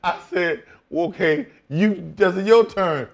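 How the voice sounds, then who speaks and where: A man's voice: high voice, slow pace, creaky, highs cut off. A man, a former wrestler, telling a profane backstage story as a guest in a casual chat, acting out both sides of the conversation. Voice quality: profane, animated retelling.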